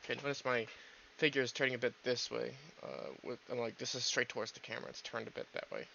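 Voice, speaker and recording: A man's voice: mid-range voice, steady tone, fast talker, gravelly, sharp tone, muffled recording, slight background noise. A man hosting a gaming video, rambling in casual commentary, swearing freely and poking fun at himself.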